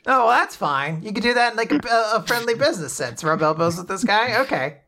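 A woman's voice: mid-range voice, sing-song, fairly quick, bright, forceful tone. A woman co-hosting a podcast, chatting playfully about manga, teasing her co-host and swearing casually.

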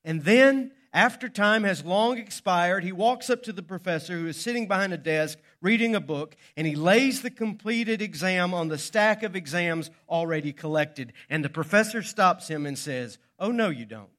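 A man's voice: sits high, normal speed, hardly any pauses, fairly bright tone. A male pastor preaching a sermon, telling a story with dramatic pacing.

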